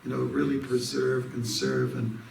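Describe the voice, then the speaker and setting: A man's voice: medium pitch, level tone, moderate pace, gravelly, darkish tone. A man, a monk from Canada, giving an informal devotional evening talk, rambling through stories with many fillers and restarts. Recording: roomy hall, distant mic, faint noise.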